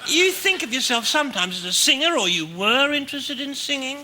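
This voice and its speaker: A man's voice: very high voice, very animated, fairly quick, heavy background noise. A man playing a flamboyant older woman chat show host, teasing her guest with arch, mock-sweet jabs. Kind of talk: comic talk show interview.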